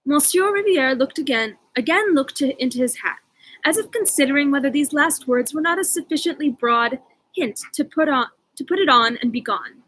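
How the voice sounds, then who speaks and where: A woman's voice: sits high, animated, moderate pace, a bit bright, poor audio. A woman reading a classic novel aloud, with casual asides to her dog. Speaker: audiobook reader.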